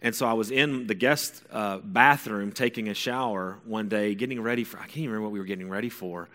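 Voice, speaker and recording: A forceful, bright-toned man in his forties tells a long personal story to an audience. He rambles and corrects himself, then bursts into high excitement. A long reverb from a big hall trails his voice. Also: fast. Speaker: speaker telling a personal story.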